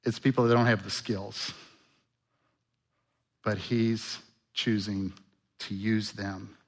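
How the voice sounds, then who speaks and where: A pastor with a lowish voice preaches slowly, animatedly acting out the voices of biblical figures and putting rhetorical questions to his congregation.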